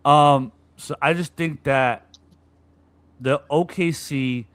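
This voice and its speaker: A man's voice: on the high side, slow pace. A man co-hosting a sports podcast, talking casually and animatedly about basketball and acting out players' frustration. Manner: animated, acts out players' griping with profanity. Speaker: podcast co-host.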